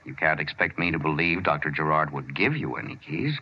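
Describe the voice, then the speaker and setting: An actor playing a calm middle-aged male asylum doctor, reassuring, in 1940s radio acting. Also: extremely low pitch, brisk. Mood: soothing. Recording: dull old radio recording, faint hiss.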